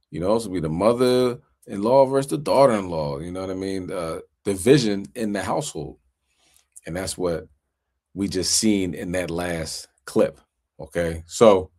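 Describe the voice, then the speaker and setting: A man teaching a casual Bible class in a conversational way, often asking "you know what I mean" and acting out quoted voices. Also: lowish voice. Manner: animated, acts out quoted voices.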